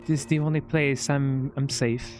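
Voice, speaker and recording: A man's voice: level tone, normal speed, a little mellow, soft background music, lightly acted. A man reading aloud as a lonely android cut off from its kind, in a put-on British accent and a raised, theatrical voice. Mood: forlorn. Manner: reads lines in a mock-dramatic, higher voice. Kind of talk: live reading of game dialogue.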